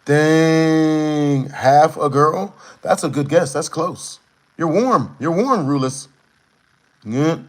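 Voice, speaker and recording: A man tells a long, rambling story to his live chat, leaning on slang and repeating the same filler phrases. His voice sits a little high. The room around him sounds echoey. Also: slow pace. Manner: rambling, repeats "you know what I'm saying". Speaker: streamer.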